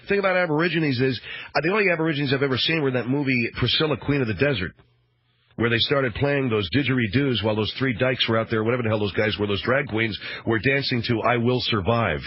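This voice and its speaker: A man's voice: medium pitch, fast, slightly rough, no echo. A man hosting a radio talk show, rambling through a sarcastic, mock-outraged monologue. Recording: dull, dry radio broadcast.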